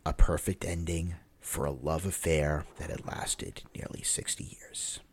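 A man hosting a podcast, reading a story aloud in a steady, measured way and closing the episode. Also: rumbling low, a little hiss or hum. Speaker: podcast host.

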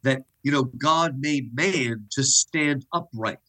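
Husky-voiced man teaching over a call. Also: mid-range voice, slow pace, pushed and bright. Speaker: guest professor. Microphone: video call.

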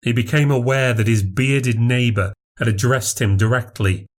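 Man reading a ghost story, measured. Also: medium pitch, fairly even intonation. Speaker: narrator. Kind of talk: scripted horror story narration.

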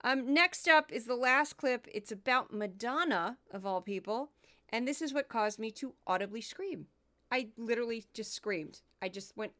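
A woman hosting a podcast, giving animated, sarcastic commentary and reading a news rundown. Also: on the high side, moderate pace. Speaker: podcast host.

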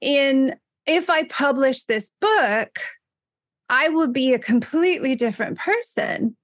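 Woman host, bubbly and animated, bright higher pitch, dry close-miked read. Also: unhurried, no echo. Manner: bubbly, animated, laughs often. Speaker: podcast host. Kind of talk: casual podcast conversation.

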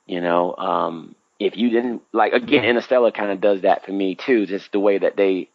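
A man's voice: deep voice, normal speed, gravelly, no room sound, muffled recording. A man in his thirties chatting casually, telling a story and acting out his own reactions with big jumps in voice. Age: 30s.

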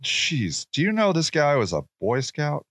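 A man in his forties talks alone into a close, dry mic. His pitch swings widely and his pace is slow and unhurried. He rambles and jokes, swearing freely. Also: huge pitch swings, a bit bright, dry recording. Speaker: podcast host. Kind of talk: casual solo monologue.

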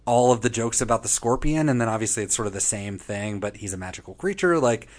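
A man's voice: mid-range voice, fast. A man chatting casually and profanely as a podcast co-host, recapping a TV episode and acting out quotes in funny voices. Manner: animated, profane, acts out quotes.

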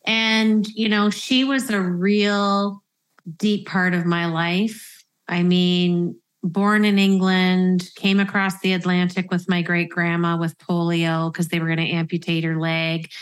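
A woman in her fifties hosting a podcast, speaking earnestly and reflectively, slowing down to stress key phrases. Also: on the low side. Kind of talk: reflective conversational interview.

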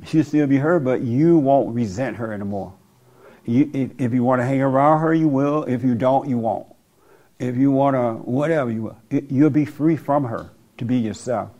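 A man's voice: medium pitch, normal speed, mellow, muffled recording. A man acting as a pastor, counseling a woman in a plain, direct, preachy way. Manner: direct, preachy, plays out voices in quotes. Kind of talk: counseling talk.

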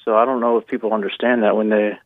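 A man from Texas calling into a talk show, joking and musing in a drawn-out way. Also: fairly low pitch, level tone, dry recording. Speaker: caller. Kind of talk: phone-in conversation. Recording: dull phone-line audio.

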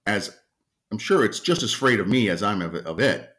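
A man casually telling a personal story at home, unhurried and often clearing his throat. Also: fairly low pitch, expressive, a bit bright. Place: at home with a dog nearby.

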